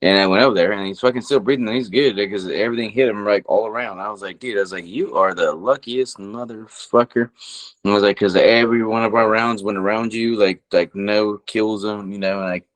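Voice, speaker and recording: A man's voice: fairly low pitch, fairly even intonation, fast talker, hardly any pauses. A man co-hosting a podcast, telling a story in casual chat with rambling, profane speech. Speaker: podcast co-host.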